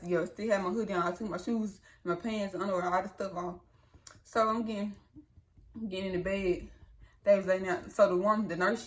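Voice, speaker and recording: A young woman, telling her birth story to viewers in a casual, chatty way. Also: lowish voice. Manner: chatty, addresses viewers as y'all, lively retelling. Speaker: new mother vlogger.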